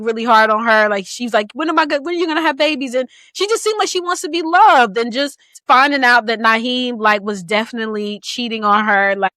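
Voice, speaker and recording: A woman in her thirties co-hosting a podcast, chatting casually about a book in an animated, playful way and laughing often. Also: a little high, no echo. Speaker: podcast co-host.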